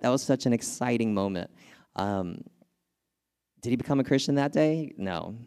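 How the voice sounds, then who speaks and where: A young pastor from California preaches in a relaxed, conversational way, telling stories and reading scripture. His voice sits low and comes across smooth and clear. He gets animated and laughs at his own anecdotes. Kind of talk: sermon.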